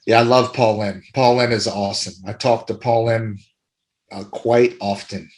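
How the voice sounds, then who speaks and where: A middle-aged man talking casually as a podcast guest, warm and rambling, often repeating himself. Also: fairly low pitch, steady tone, moderate pace. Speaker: podcast guest, arm wrestler.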